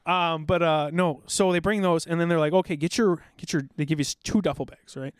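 A middle-aged man telling rambling, animated army stories in a casual podcast chat, now and then acting out drill sergeants. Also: on the high side, a little fast, smooth, dry recording, clean studio sound. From South Dakota, USA. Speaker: podcast guest, military veteran.

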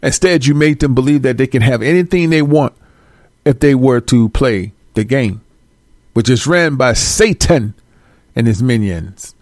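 A male preacher who talks straight at his listeners in a blunt, profane and scolding way. His pitch sits mid-range and the sound is close and dry. He leans on repeated words for emphasis. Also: expressive, a little slow, a little mellow, no echo. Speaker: religious teacher. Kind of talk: street-style preaching with scripture reading.

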